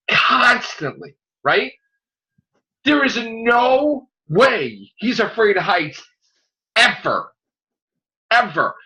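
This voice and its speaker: Brief: New man, host, animated profane rants, bright lively voice, big swings in pitch. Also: poor audio. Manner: excitable, profane ranting. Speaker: show host. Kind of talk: casual podcast chat.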